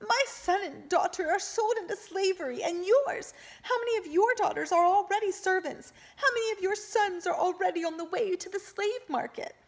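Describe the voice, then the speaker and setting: A woman's voice: very high voice, big pitch swings, a little slow, few pauses, voice pushed up, heavily acted. A woman reading an audiobook, voicing a bitter, grieving peasant mother who shrilly accuses and pleads. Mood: bitter, accusing.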